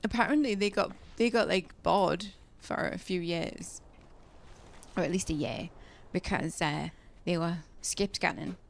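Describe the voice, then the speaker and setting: A woman's voice: lowish voice, measured pace, vocal fry. A woman chatting casually while playing a game, telling indignant stories about work. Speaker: gamer.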